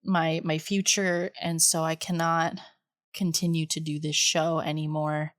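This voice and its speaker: Slow, halting podcast host, woman's voice. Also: sits low, flat delivery, no room sound, clean studio sound. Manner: halting, many fillers and pauses. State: emotional, near tears. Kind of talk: casual podcast talk.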